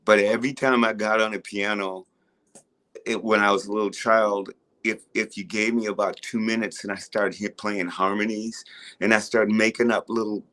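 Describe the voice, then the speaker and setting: A man's voice: fairly low pitch, fairly even intonation, moderate pace, a bit bright. An older man, a rock musician, talking casually in an interview and telling rambling stories about his childhood with many restarts. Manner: laid-back, rambling storyteller with frequent restarts.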